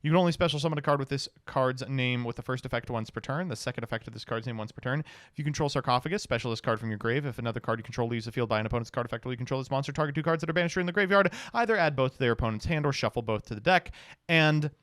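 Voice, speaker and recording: A man's voice: medium pitch, racing, fairly bright tone, no room sound. Male streamer, card review, reads rules text, mutters profanity, dry close sound. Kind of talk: casual card review commentary.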